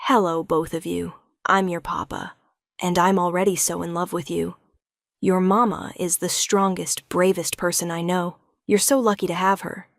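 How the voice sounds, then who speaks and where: A woman reading the lines of an adoring young male king in her own voice, speaking softly and earnestly in a storybook narration. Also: lowish voice, little pitch movement, moderate pace, vocal fry, no echo, clean studio sound. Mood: tender.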